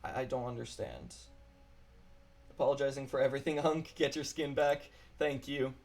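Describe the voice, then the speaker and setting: A man's voice: medium pitch, fairly even intonation, normal speed, gravelly. A man chatting casually while streaming a game alone at his computer, apologetic and rambling.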